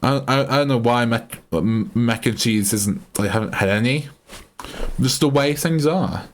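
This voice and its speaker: A man's voice: mid-range voice, a little slow. Rambling Australian man streaming live. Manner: rambling, self-interrupting, chatty. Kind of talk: casual live-stream chat.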